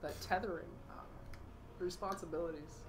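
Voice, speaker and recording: A Canadian caster talks through picks and bans in a chatty, rambling way, often restarting sentences. The voice is mid-pitched and sits over a clear bed of background noise. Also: steady tone, brisk. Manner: chatty, rambling, self-correcting. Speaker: esports caster. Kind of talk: casual tournament casting.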